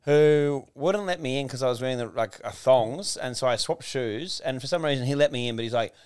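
A man with an Australian accent telling lively stories in a casual chat, laughing often. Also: mid-range voice, a little fast, smooth. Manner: animated storyteller, laughs often. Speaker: podcast co-host or guest.

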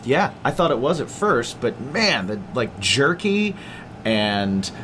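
A man's voice: medium pitch, sing-song, takes it slowly, a bit bright, a little hiss or hum. A man co-hosting a podcast, doing sponsor reads in upbeat, casual chat. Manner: upbeat, enthusiastic, says "dude" a lot. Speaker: podcast co-host.

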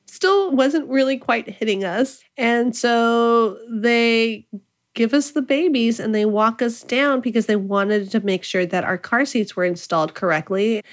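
A woman in her thirties telling a personal story in a casual, animated way, acting out what people said. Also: fairly high pitch. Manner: animated, acts out quotes, laughs. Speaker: interviewee, new mother.

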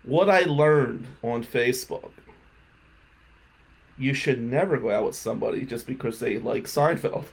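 A man's voice: mid-range voice, a little slow, vocal fry, breathy edge. A man, hosting a radio talk show and telling self-mocking stories in a casual comedic monologue. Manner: self-mocking storytelling, laughing at his own jokes. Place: radio studio.

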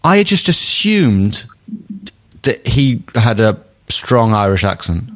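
A man's voice: on the low side, very animated, slow pace. A man co-hosting a casual football podcast, joking and swearing as he talks. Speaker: podcast co-host.

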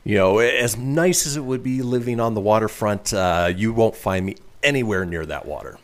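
A man's voice: lowish voice, normal speed. A man hosting a casual radio talk show, reading news stories aloud and adding chatty asides. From northern Nevada, US.

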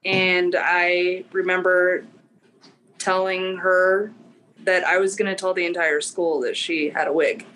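A woman, a mother and interview guest, speaking in an earnest, reflective, halting way. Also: fairly low pitch, level tone, a bit bright, a little hiss or hum, rough recording. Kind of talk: casual interview chat.

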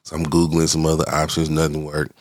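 Congested man with a very deep voice. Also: completely flat delivery, a little fast, no echo, studio quality. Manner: rambling and loose, self-interrupting. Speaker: podcast host. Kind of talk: casual solo podcast chat.

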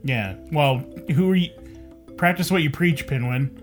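A woman playing a tabletop game, blunt and bossy with quick jokes. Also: low voice, faint music behind. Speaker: player. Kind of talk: casual tabletop role-play.

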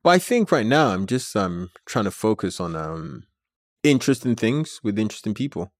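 A man, a company founder, telling a story as an interview guest in an animated way, with many filler words. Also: lowish voice, normal speed, dry recording, studio quality.

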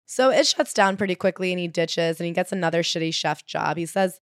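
A woman co-hosting a casual book chat, gossipy and animated, reading quotes aloud. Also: lowish voice, brisk, hardly any pauses, no echo, studio quality. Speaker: podcast co-host.

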